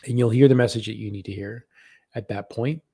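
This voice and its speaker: A man giving live spiritual readings on a stream, talking gently and haltingly and repeating words as messages come to him. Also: lowish voice, steady tone, gravelly, slightly rough, no room sound.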